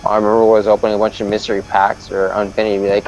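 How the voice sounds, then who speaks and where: A man's voice: on the low side, completely flat delivery, racing, a little mellow, slight background noise, poor audio. A male streamer telling a story in a casual, profane, exasperated rant. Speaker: live streamer. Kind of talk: casual storytelling while gaming.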